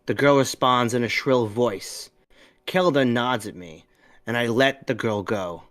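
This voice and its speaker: A man's voice: mid-range voice, unhurried. Man reading a story on a podcast. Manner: lively reading with voiced characters. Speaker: podcast co-host.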